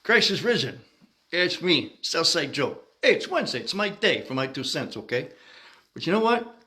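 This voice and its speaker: A man's voice: fairly high pitch, big pitch swings, moderate pace, pushed and bright. A man playing a brash, street-talking Chicago South Side guy, speaking with a Chicago accent in a comic monologue full of blunt slang and "you know".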